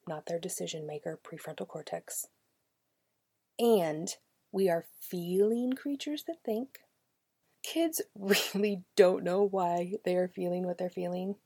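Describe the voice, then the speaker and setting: A woman podcast host with a low, warm, husky voice, talking straight to her listeners about children and feelings. She is conversational and direct, and often sinks to a near-whisper. The sound is dry and close. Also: dry recording. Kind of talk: podcast talk to parents and educators.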